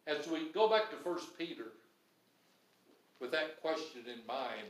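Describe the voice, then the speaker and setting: Male pastor, high voice, emphatic preaching with repetition; roomy, distant church recording. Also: animated, a little slow, fairly bright tone. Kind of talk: sermon. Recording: echoey room, voice from off-mic.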